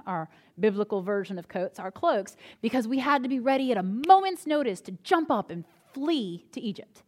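A woman pastor preaching a sermon in a conversational style, telling humorous personal stories. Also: a little high.

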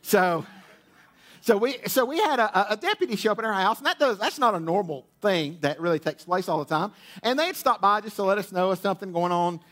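A pastor with a high-pitched, fairly bright voice preaches briskly and with animation to his congregation in a church auditorium with a sound booth. His sermon is a humorous personal story, full of restarts and asides.

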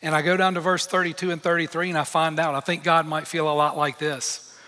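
A man's voice: fairly high pitch, little pitch movement, a little fast, pushed and bright. A man preaching a sermon as pastor, earnest and emphatic, with candid personal asides. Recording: long hall reverb.

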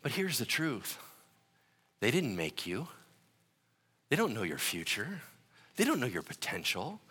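Male pastor, sermon, lively pitch, very bright tone, casual then emphatic. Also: unhurried, pauses often, slightly rough, big-room sound. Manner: conversational, building to passionate emphasis.

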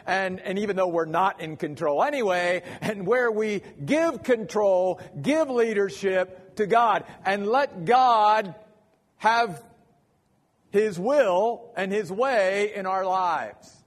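High-voiced slow-speaking male pastor, reverberant. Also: expressive. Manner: measured, deliberate, repeats key points for emphasis. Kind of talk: bible-teaching sermon. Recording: long hall reverb.

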